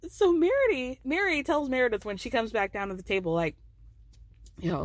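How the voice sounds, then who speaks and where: A woman's voice: fairly high pitch, lively intonation, moderate pace, dry recording. A woman hosting a podcast, casually recapping a reality TV episode in a chatty, amused way. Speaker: podcast host.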